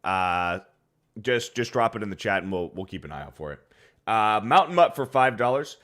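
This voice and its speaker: A man's voice: on the low side, lively intonation, moderate pace, a bit bright. A man co-hosting a casual livestream show, reading viewer messages aloud and laughing along. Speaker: co-host reading super chats.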